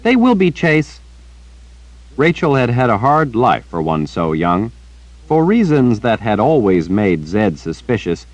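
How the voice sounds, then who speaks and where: A man narrating a fantasy audiobook in a steady storytelling manner. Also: fairly low pitch, dry recording, rough recording. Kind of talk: scripted narration.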